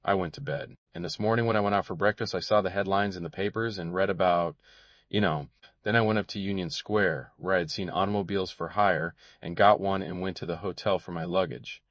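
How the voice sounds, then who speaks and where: Man voicing a frightened young woman client in a detective audiobook, tremulous and pleading, raised a little in pitch; dull, dry recording. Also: fairly even intonation, brisk, fairly bright tone, no echo. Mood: subdued. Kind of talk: audiobook character voice.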